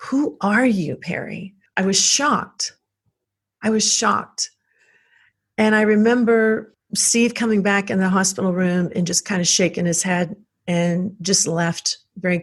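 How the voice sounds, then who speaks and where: Earnest woman telling her own story. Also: medium pitch. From South Texas. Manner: earnest, emotional, reflective. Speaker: guest. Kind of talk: personal storytelling.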